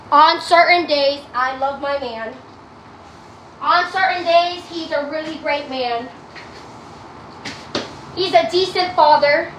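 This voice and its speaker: An adult woman livestreams casually on TikTok from home, ranting bluntly and profanely as she answers her viewers. Her voice is high-pitched, bright, and forceful. The low-quality recording has an echoey room and slight background noise.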